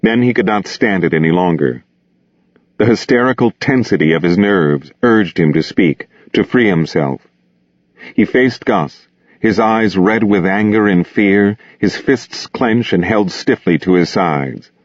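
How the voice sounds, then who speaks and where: A man narrating a novel aloud in a steady, measured, grave manner. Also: lowish voice, dry recording. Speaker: audiobook reader. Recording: dull, dry close recording.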